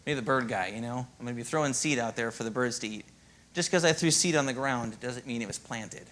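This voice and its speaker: A man preaching a sermon as pastor, in a lively, conversational way and often asking "Amen?". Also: medium pitch, fairly quick, slight background noise.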